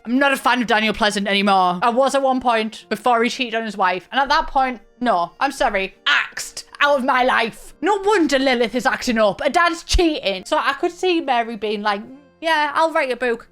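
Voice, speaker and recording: A woman's voice: mid-range voice, a bit bright. A young British woman giving chatty, playful gaming commentary with sarcastic asides. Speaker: YouTuber.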